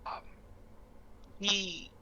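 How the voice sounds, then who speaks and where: A player speaking in character in a tabletop game, polite and measured. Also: pushed and bright, poor audio. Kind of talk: tabletop role-play.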